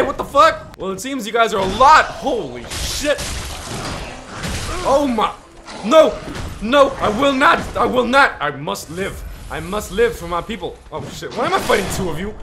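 A man doing let's play commentary on a video game, loud and profane, with screaming reactions and mock-heroic asides. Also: very high-pitched, vocal fry, background noise. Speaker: gaming YouTuber.

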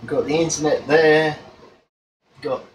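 A woman's voice: sits low, fairly even intonation, takes it slowly. A woman talking casually to her pet cockatoo in her bedroom, cooing and praising the bird between asides. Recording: from a distance, faint room hum.

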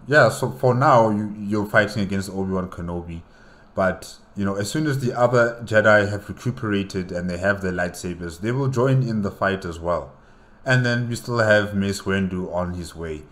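A low-voiced man gives casual reaction commentary and argues straight at a character on screen. His talk is loose and rhetorical, with repeated points and plenty of fillers. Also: moderate pace, a bit bright. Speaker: reaction video host.

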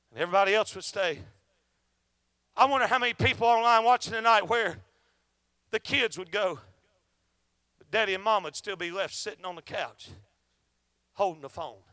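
A man preaching a fervent revival sermon for an online audience, swinging between shouted outbursts and hushed, low passages. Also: no echo.

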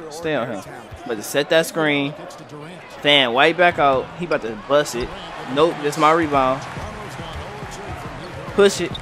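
A young man commentating live on his own basketball video game, excitable and trash-talking at the screen. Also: on the high side, a little slow, long pauses. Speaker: gaming commentator. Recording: game music and crowd noise faintly behind. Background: faint game music and arena crowd.

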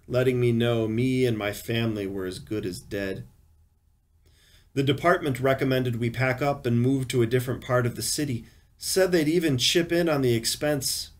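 A man reading first-person crime fiction aloud in a measured, grave storytelling manner. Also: medium pitch. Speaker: reader.

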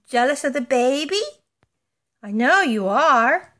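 Woman, casual vlog, gushing, baby talk, slow unhurried delivery, slightly high voice. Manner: gushing, excitable, baby-talking to her pets. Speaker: vlogger.

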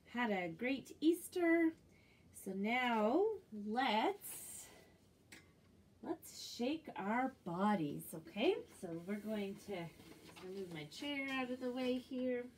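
A woman librarian leads children's music and movement, singing action songs in a sing-song, encouraging way. Her high-leaning voice is animated and slow, picked up from a distance with slight background noise.

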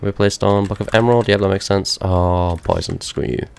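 A man's voice: low voice, steady tone, moderate pace, creaky, clear, resonant tone. A young man giving rambling let's-play commentary to himself, with wry asides as he explores a game. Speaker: gaming video host.

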